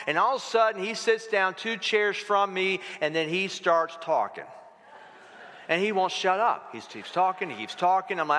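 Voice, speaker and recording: A middle-aged male pastor giving a sermon, telling stories in an animated way and acting out the dialogue. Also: high-pitched, moderate pace. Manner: storytelling, animated, acts out dialogue. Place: church sanctuary. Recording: long hall reverb.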